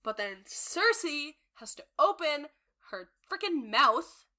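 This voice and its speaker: A woman's voice: sits high, big pitch swings, slow, sharp tone. A young woman co-hosting a podcast, chatting casually about a TV episode in an emphatic, slangy way and laughing often. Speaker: podcast co-host. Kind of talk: casual chat recapping a TV episode.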